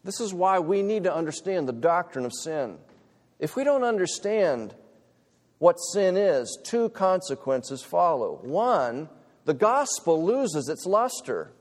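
A male pastor delivers a sermon in a church sanctuary, his voice sitting a little high. He surges into loud, urgent climaxes and then falls back to low, hushed stretches. A long reverb from the big hall trails every phrase. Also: very animated, a little slow. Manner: impassioned, swings from loud urgent peaks to low quiet asides.

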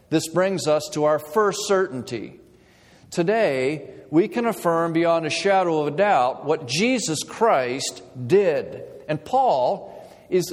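A man's voice: on the high side, a little mellow. Man preaching in a reverberant church. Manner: measured preaching with emphatic pauses. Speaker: pastor. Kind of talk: sermon. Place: church sanctuary. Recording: long hall reverb.

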